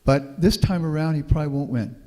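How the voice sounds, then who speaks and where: A man's voice: a little high, brisk, mellow. Folksy Texan-born man in a reverberant hall. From Houston, Texas. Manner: folksy, anecdotal, optimistic. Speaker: guest speaker, professor. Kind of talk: public talk with Q&A. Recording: long reverb of a meeting hall.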